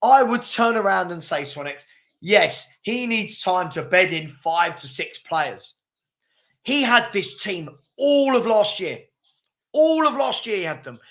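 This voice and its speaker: Man, forceful, insistent, high-pitched voice, heated debate host.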